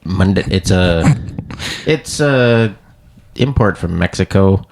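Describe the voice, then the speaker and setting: Guy, deeper voice with big swings, chatty co-host who acts out quotes. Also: takes it slowly, vocal fry, a little hiss or hum. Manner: animated storyteller, acts out quotes with laughs. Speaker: podcast co-host. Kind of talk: casual chat.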